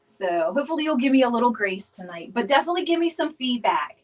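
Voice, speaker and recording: A woman's voice: fairly high pitch, sing-song, fast, low-quality recording. A woman chatting casually with viewers during a live craft stream, laughing often and greeting people by name. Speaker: DIY home decor live streamer.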